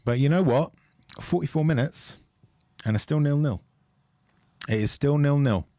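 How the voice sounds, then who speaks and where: Bloke co-hosting a footy watch-along, lively and opinionated, dry close sound. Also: male voice, a little high, normal speed, no room sound. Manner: animated, opinionated, jokey. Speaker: co-host of a football fan watch-along. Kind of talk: casual chat.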